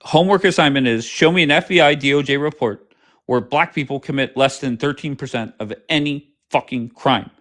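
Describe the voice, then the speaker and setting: A man's voice: medium pitch, fairly quick, fairly bright tone. A man hosting a live stream, talking casually with heavy swearing and a combative, sarcastic manner. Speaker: livestream host. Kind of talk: casual profane livestream chat.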